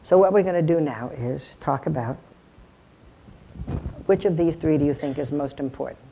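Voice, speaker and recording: A woman's voice: low-pitched, moderate pace, gravelly, dark tone, a little hiss or hum. A woman giving a live seminar to lawyers, engaging the audience with rhetorical questions and demonstrating tones of voice. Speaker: communications consultant lecturing lawyers. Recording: dull lo-fi recording.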